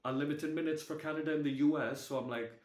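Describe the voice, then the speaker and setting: A young man sharing a personal story on a group video call. He talks in a halting, candid way and swears casually. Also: on the high side, steady tone, reverberant.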